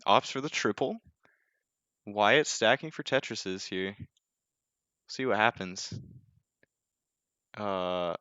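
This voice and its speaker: A man's voice: lowish voice, lively intonation, takes it slowly, pauses often, a bit bright, clear, resonant tone, no echo, highs cut off. A young man casting a live game, casual and joking, often self-deprecating and full of fillers. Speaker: esports caster.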